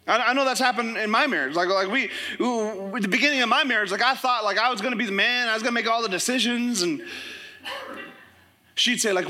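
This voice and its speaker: A young man preaching in a church service, his voice strikingly high and bright. He tells funny stories with lively, animated delivery before the congregation. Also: quick pace. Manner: animated, joking storytelling. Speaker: pastor. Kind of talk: sermon.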